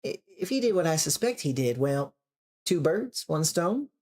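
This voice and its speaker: A reader voicing a calm, motherly older woman who speaks gently and coaxingly. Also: medium pitch, normal speed, voice pushed up. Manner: gentle, coaxing, calls people darling.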